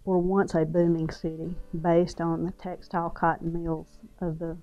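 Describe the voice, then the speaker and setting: A woman speaking as a school district leader in a documentary interview, measured and earnest. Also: lowish voice, flat delivery, dull audio, soft background music.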